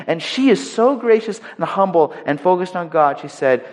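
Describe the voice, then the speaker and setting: A male pastor giving a conversational, emphatic sermon, swinging between loud stressed lines and hushed quiet points. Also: high-pitched, expressive, normal speed, few pauses. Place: large hall. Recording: long reverb of a large hall.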